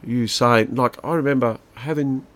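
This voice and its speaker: A man's voice: mid-range voice, steady tone, moderate pace, a bit bright, dry recording. A middle-aged Australian man, co-hosting a podcast, chatting casually and rambling through stories with his son. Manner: rambling, chatty storyteller with laughs. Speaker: podcast co-host and father. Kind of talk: casual chat.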